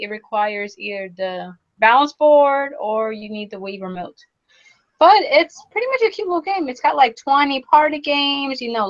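A woman's voice: on the high side, fairly bright tone, muffled recording. A woman co-hosting a podcast, chatting in a bubbly, casual way about her game pickups. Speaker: podcast co-host. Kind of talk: casual chat.

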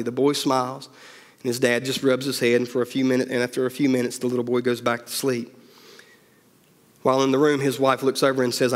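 A man's voice: mid-range voice, flat delivery, a little fast, in a large hall. A male pastor telling a story as part of a sermon, acting out each character's lines.

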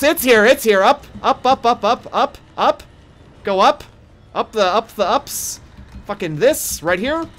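A young, high-pitched gaming streamer does let's play commentary on a horror game. He's jumpy and profane, yelling at the monsters and taunting them.

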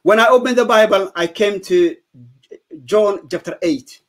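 Man, English, halting testimony, fairly high-pitched voice. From Somalia. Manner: halting, many fillers and restarts. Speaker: guest giving testimony. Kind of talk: personal testimony interview.

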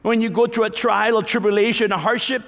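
A man pastor preaching a sermon to a congregation in a large church, animated, acting out prayers and teasing the listeners. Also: high voice, fast. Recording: long reverb of a large hall.

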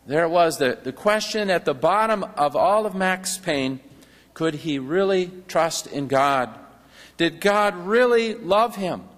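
A man preaching a sermon as pastor, slow and earnest, reading passages from a book aloud. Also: a little high, expressive, a bit bright, long reverb tail.

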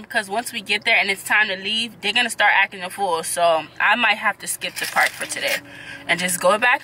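A woman in her 20s, a mother of two, vents to her vlog viewers in a casual, talkative, exasperated chat to camera. Her medium-pitched voice is bright and forceful. The audio is poor, with slight background noise.

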